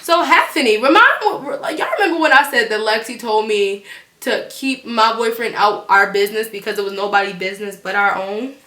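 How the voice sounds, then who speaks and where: Animated, bright-voiced teen girl vlogger. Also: on the high side, normal speed, roomy sound. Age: teens. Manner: animated and blunt, swears freely. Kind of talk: casual storytime vlog.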